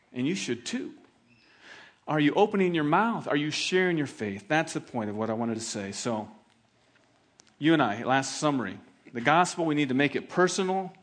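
A middle-aged male pastor preaching a sermon, telling stories in an animated, laughing way. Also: fairly high pitch.

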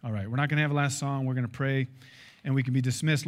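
A man in his fifties, a pastor preaching a sermon in an emphatic, animated way, acting out dialogue. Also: medium pitch, fast.

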